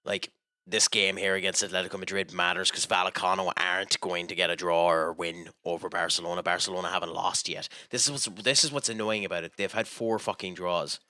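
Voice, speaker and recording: A man's voice: deep voice, fairly even intonation, brisk, pushed and bright, no echo, studio quality. A man with an Irish accent giving casual, profane commentary while playing a game, ranting in exasperation. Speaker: gaming channel host.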